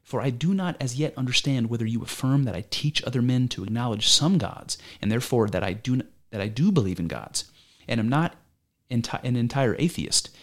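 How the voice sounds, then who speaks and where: An aging philosopher on trial, read by a man, arguing with his accuser through probing, needling questions. The voice sits at an ordinary male pitch, delivered as an amateur dramatic reading. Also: lively intonation, fairly quick, close to an everyday voice. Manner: argumentative, probing rhetorical questions. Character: aging male philosopher defending himself in court.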